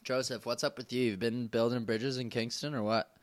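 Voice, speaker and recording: A man's voice: medium pitch, steady tone, fairly quick. A young man hosting a podcast, chatting casually and prompting his friends with easygoing questions. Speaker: podcast host. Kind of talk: casual chat.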